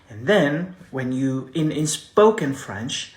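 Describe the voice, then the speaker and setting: Brief: male language teacher, unhurried drilling delivery, echoey room. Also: medium pitch, expressive. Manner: repeats each phrase slowly for practice; casual, chatty explanations. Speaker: French teacher. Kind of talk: beginner language lesson.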